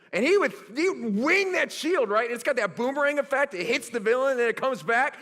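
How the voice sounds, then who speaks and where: Bright, animated male pastor preaching. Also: very high-pitched, brisk. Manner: storytelling with animated, self-mocking humor. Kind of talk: sermon.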